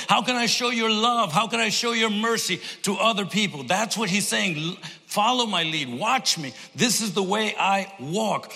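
Male pastor, fervent sermon delivery, slightly high voice, recorded in a reverberant hall. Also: gravelly, sharp tone. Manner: impassioned preaching with repetitions and restarts.

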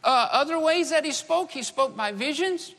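A man's voice: extremely high pitch, lively intonation, normal speed, a bit bright. A man preaching a sermon to a congregation, earnest and full of rhetorical questions. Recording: echoey church hall reverb.

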